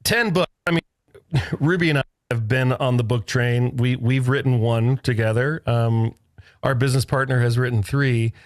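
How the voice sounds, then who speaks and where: A male podcast host in a casual interview, chatty and quick to laugh, on a video call. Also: mid-range voice, dry recording, studio quality.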